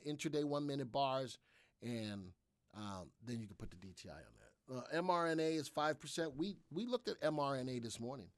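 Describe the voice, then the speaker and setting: A man's voice: mid-range voice, dry recording, studio quality. A man hosting a live trading room, talking energetically and repetitively through his trades while answering viewers' questions.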